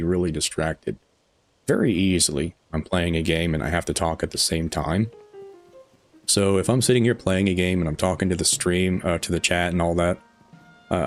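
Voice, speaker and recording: A man's voice: low-pitched, a little mellow. A man live streaming a game, chatting casually with his viewers in a rambling, chuckling way, tired after hours on air.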